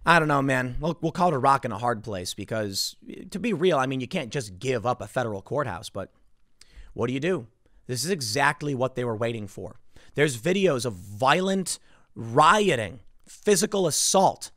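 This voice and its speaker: Animated man giving political commentary. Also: medium pitch, normal speed, no echo, studio quality. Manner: emphatic, lively, exasperated.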